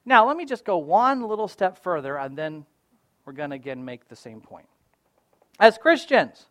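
Preacher, conversational with emphatic swings. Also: male voice, no room sound, clean studio sound. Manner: conversational preaching with frequent "all right?" and "right?" check-ins; swings between loud emphatic stresses and quiet low asides. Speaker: pastor. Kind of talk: sermon.

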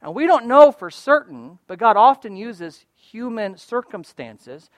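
A man preaching a sermon, emphatic and repeating key phrases, swinging between loud stresses and hushed asides. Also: high voice, big pitch swings, unhurried, no room sound.

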